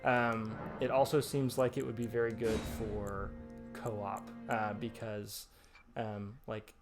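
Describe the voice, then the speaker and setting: A man's voice: lowish voice, little pitch movement, slow, music in the background. A man hosting a live game stream, talking casually, rambling a little with ums and restarts. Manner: chatty and rambling, with many ums and self-corrections. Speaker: streamer and host.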